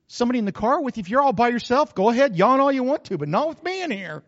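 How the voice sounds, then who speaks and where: A man's voice: very high-pitched, very animated, racing, hardly any pauses, long reverb tail, lo-fi sound. A male pastor preaching a sermon, folksy and joking, with frequent asides to the congregation.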